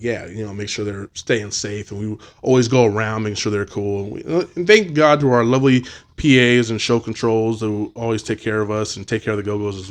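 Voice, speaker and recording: A man hosting a podcast, chatting casually and telling lively stories. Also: fairly low pitch. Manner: animated storytelling, acting out quotes, swearing freely. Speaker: podcast host.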